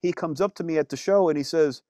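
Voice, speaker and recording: A man, a musician guest, telling stories in a casual interview, animated, with lots of fillers and some swearing. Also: a little high, fast, dry recording, studio quality.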